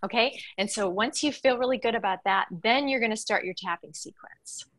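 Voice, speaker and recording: A woman guiding listeners step by step through a tapping exercise, pausing often with a reassuring "okay". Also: on the high side, fairly bright tone. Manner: slow, step-by-step coaching with frequent "okay". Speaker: guest teacher. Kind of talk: guided tapping instruction.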